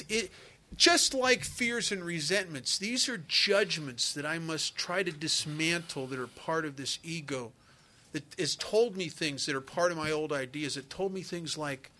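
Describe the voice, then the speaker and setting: A man speaking at a recovery meeting and telling humorous stories in a joking, conversational way. He often drops into quiet asides and then breaks into loud, excited bursts. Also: a little high. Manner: joking, conversational, full of "you know" and "man". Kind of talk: humorous storytelling talk.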